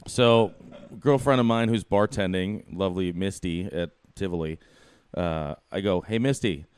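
A man casually telling a story about his bartending job, animated, acting out the quotes, with plenty of swearing. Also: low voice, a little slow, clear, resonant tone, no echo. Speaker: bartender and podcast guest.

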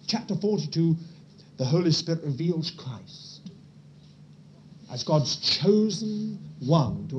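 Preacher, sermon, earnest and pleading, very lively pitch, hushed whispers between loud stresses, dull lo-fi recording. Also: a little hiss or hum. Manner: earnest, pleading, addresses listeners directly.

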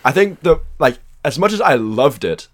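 A man's voice: mid-range voice, very animated, normal speed. Enthusiastic man chatting about a film. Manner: enthusiastic, laughs easily. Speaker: podcast co-host. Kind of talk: casual film review chat.

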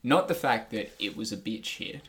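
A man's voice: fairly low pitch, lively intonation, normal speed, crowd noise. Young man ranting casually, swearing freely. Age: young adult. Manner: rambling, swears freely, ranty. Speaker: podcast co-host. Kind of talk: casual wrestling review chat.

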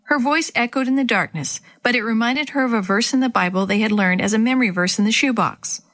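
A woman reading a children's chapter book aloud to young listeners, in a gentle and clear storybook manner. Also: fairly high pitch, quick pace.

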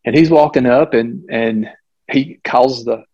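This is a middle-aged male physician telling a case story to a host. His voice sits at a middling pitch. He is animated and full of restarts and side remarks. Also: a little slow, husky, muffled recording. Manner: animated, with frequent restarts and asides. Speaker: physician guest. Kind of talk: conversational storytelling.

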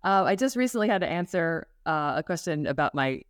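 A woman's voice: fairly low pitch, lively intonation, fairly quick, smooth, dry recording, studio quality. A middle-aged woman, a music business professor, talking earnestly and thoughtfully in a podcast interview, with some restarts and fillers.

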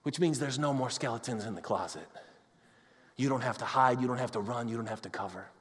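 A man preaching a sermon in a conversational way, moving between loud excitement and hushed, intimate talk. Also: medium pitch, fairly quick. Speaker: pastor. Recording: long hall reverb.

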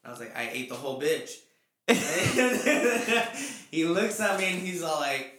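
A man's voice: mid-range voice, expressive, moderate pace, sharp tone. A man telling a rambling, profane story in casual podcast chat, acting out the quotes. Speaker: podcast co-host. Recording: echoey room, background noise.

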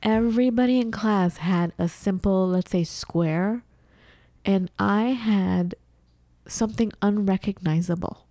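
A woman co-hosting a casual chat, animated, often acting out her own confused reactions in a high voice. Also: a little slow, dry recording. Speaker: podcast co-host.

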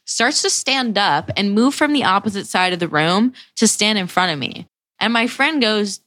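A young woman in her twenties tells a story on her podcast in loose, casual talk, swearing freely and acting out other people's lines with animation. Her voice sits at an ordinary middle pitch. It is recorded close and dry, with no room sound around it. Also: normal speed, no echo. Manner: profane, animated retelling with acted-out quotes. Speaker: podcast host.

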